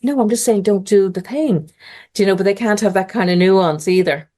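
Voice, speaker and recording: A middle-aged woman, a podcast guest telling a personal story in a lively conversational way. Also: medium pitch, a little fast. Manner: animated, mimics others' voices in quotes.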